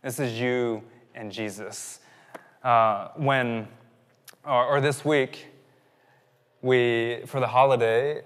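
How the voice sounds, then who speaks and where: A man in his thirties preaches to a congregation in a church hall, and his voice trails off into a long, ringing reverb. He sits at a middle pitch and talks in a loose, chatty way, restarting his sentences as he tells a family story. Then he climbs to insistent, emphatic peaks to drive the point home. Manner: conversational, self-interrupting, rising to emphatic peaks. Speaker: pastor. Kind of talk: sermon with personal story.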